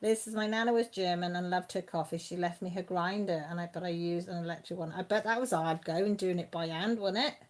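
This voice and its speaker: A woman hosting a casual live stream, chatting warmly with viewers by name and laughing often. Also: lowish voice, a little fast, hardly any pauses. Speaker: channel host reading live chat.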